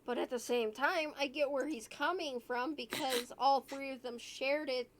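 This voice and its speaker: High-voiced woman hosting a podcast. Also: moderate pace, a little hiss or hum. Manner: earnest, thinks aloud, asks guests questions. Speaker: podcast host. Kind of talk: casual chat.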